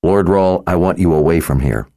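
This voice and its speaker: A stern, protective woman guard speaking quietly and firmly in a storybook reading, as a male narrator voices her. The voice stays low and dark. The recording is dry and close. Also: moderate pace, creaky, dry recording. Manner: quiet and firm.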